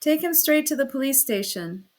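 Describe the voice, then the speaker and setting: A woman's voice: high-pitched, expressive, normal speed, darkish tone, voice pushed up. A woman playing an abrupt, pushy bystander man. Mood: insistent. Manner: abrupt, insistent. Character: pushy male bystander in a long coat.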